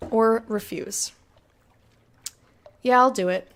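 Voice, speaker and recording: A young woman streams a game in a casual let's-play chat with her viewers, her voice a little high and slow. She laughs often and reads the game text aloud.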